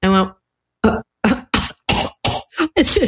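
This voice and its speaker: A woman's voice: on the high side, very animated, slow, pauses often, slight background noise. An older woman, a podcast guest, telling stories in casual talk, acting out the voices she quotes and laughing often. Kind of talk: casual storytelling interview.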